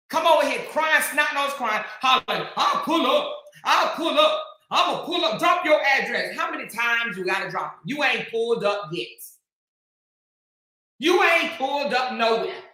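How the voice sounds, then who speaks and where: Woman, heated commentary rant, bright forceful tone, slightly high pitch, echoey room. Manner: taunting, scolding, drawn-out emphatic delivery, bursts of shouting. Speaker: commentary channel host.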